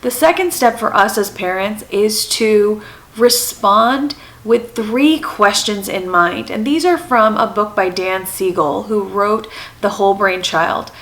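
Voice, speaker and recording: On a low-quality recording, a woman in her thirties speaks slowly at medium pitch with a fairly bright tone. Hosting a parenting channel, she offers earnest advice to camera and repeats her questions to drive them home.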